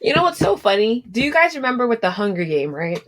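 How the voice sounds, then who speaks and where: A woman co-hosting a podcast in casual chat, animated and full of "like" fillers. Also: fairly high pitch, fast. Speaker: podcast co-host.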